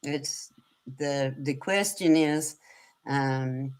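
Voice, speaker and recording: A woman co-hosting a livestream, speaking haltingly with many fillers and a self-deprecating tone. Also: deep voice, a little mellow, clean tone. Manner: slow, halting, laughs often, self-deprecating. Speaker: co-host of a livestream show. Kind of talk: casual chat.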